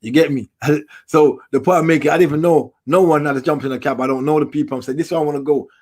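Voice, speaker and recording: This man's voice is a little high and quick-paced. A middle-aged English documentary filmmaker, he's the interview guest, telling stories with animation in laid-back street slang.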